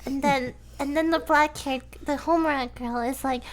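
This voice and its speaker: A woman's voice: high-pitched, fairly even intonation, moderate pace. A tipsy young woman hosting a casual chat, rambling and giggly as she retells a story and acts out the characters' lines. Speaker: host. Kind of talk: drunk casual chat, retelling an anime plot.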